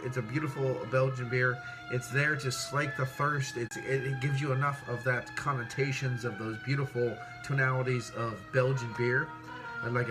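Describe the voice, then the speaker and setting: A man tasting and reviewing beer in a casual vlog, excitable and rambling, swearing freely and a bit tipsy after several beers. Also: mid-range voice. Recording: music playing clearly behind the voice.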